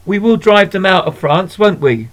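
A man's voice: sits high, animated, normal speed, fairly bright tone, voice pushed up, rough recording. A man voicing a hesitant, trusting little girl in a storybook reading. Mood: anxious. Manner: hesitant, pleading.

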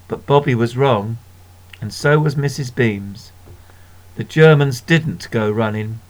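A man narrating a children's story in a measured, gentle way. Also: mid-range voice. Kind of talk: storybook reading.

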